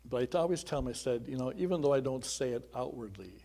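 Earnest conversational male pastor, mellow voice. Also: medium pitch, animated, fast talker, gravelly. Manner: earnest and conversational, with chuckling asides. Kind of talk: sermon with personal testimony.

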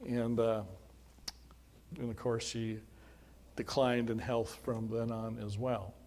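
In a slow, flat, medium-pitched voice with a slightly mellow quality, a middle-aged pastor greets those gathered for a plain memorial service. His manner is chatty and folksy, telling stories with quoted lines and side remarks.

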